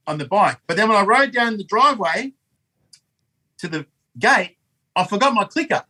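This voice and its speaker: A man's voice: sits high, animated, fairly quick, pauses often, sharp tone, low-quality recording. An Australian man telling a rambling story as a podcast guest, swearing often and full of energy. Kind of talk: casual storytelling.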